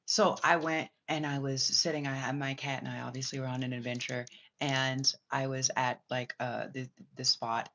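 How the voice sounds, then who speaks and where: Profane, rambling woman with a bright voice. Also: very deep voice, little pitch movement, normal speed. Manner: profane, rambling, acts out quotes. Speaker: spiritual reader. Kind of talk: casual storytelling monologue. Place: Bali. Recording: dull lo-fi recording.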